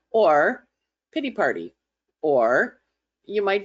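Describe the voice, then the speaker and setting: A woman's voice: medium pitch, very animated, unhurried, long pauses. A woman astrologer giving a casual weekly forecast, talking in a chatty, conversational way and slipping into playful voices as she imitates others. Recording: slightly dull lo-fi audio.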